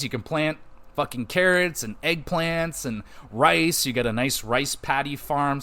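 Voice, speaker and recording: A man's voice: mid-range voice, fairly bright tone. Dude on a podcast rambling about a game he liked, swears a lot, says like and yeah constantly. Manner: loose and rambling, swears casually, many fillers. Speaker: podcast host reviewing a game. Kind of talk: casual spoken review.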